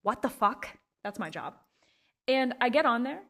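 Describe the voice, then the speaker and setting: A woman's voice: medium pitch, animated, normal speed, a bit bright. A woman hosting a podcast alone at home, chatting casually in a rambling, playful way. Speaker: podcast host. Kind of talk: casual solo chat.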